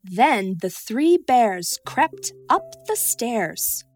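A woman tells a children's storybook in a high, slow, very lively voice, lingering over each phrase. Her tone swings up and down in a sing-song way. Soft music plays quietly beneath her. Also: dry recording.

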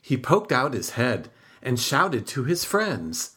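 A woman reading a children's folk tale aloud, slow and expressive, her pitch swooping on key words. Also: husky. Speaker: storyteller. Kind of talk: storybook read-aloud.

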